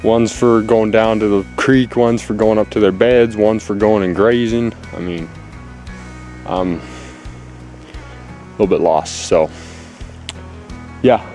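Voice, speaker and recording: Speaking slowly with frequent pauses, this man has a lowish, dark voice and a steady tone, with faint music behind him. Breathless on a hunting trip, he vlogs casually and anxiously to a handheld camera held close, rambling with fillers in a forest clear cut.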